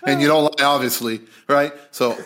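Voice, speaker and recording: A man's voice: medium pitch, fairly even intonation, normal speed, fairly bright tone. A man co-hosting a podcast, blunt and wisecracking. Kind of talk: casual chat.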